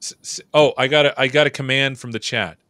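Male livestream host, playful, joking, bright tone, dry sound. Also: mid-range voice, steady tone, fast talker, dry recording. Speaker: show host. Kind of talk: livestream chat and hosting.

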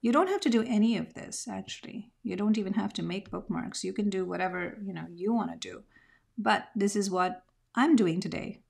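A woman talks viewers through her mixed media art process in a relaxed tutorial voice. She sounds reflective and often pauses to search for the right words. Her pitch sits in a medium range. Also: vocal fry. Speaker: art teacher. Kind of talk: craft tutorial narration.

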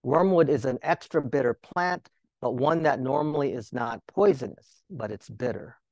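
A man's voice: medium pitch, moderate pace, gravelly, a little mellow, no room sound, lo-fi sound. Man teaching a sermon, dry sound. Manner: rhetorical questions to listeners; conversational, joking asides. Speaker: Bible teacher.

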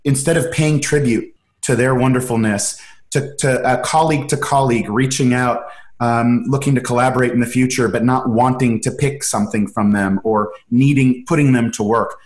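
A man's voice: mid-range voice, fairly even intonation, normal speed. A man hosting a casual conversation, enthusiastic and rambling, often restarting his sentences. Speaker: host, acting coach. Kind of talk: casual video-call conversation. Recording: echoey room.

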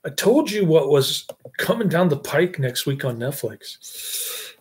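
Husky middle-aged male reviewer, unhurried, meandering chatty delivery with fillers. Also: a little high, big pitch swings. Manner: rambling, chuckling, filler-heavy. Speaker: movie reviewer. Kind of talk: casual rambling chat.

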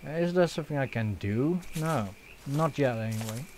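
A man's voice: mid-range voice, expressive, normal speed, a little mellow, slight background noise. A young man hosting a let's play, joking around, swearing and using lots of fillers. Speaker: gaming channel host.

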